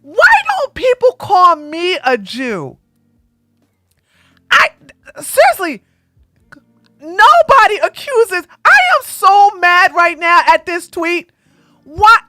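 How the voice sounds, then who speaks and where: A woman host doing live-stream commentary in an animated, sarcastic way, often breaking into laughter. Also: very high voice, slow, long pauses, no echo, studio quality.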